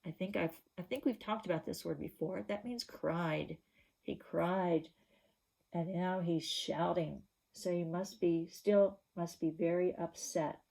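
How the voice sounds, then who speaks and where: Slow, patient woman teaching young children. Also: lowish voice, vocal fry, darkish tone. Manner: patient, asks questions to prompt the class. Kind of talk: reading lesson for young children.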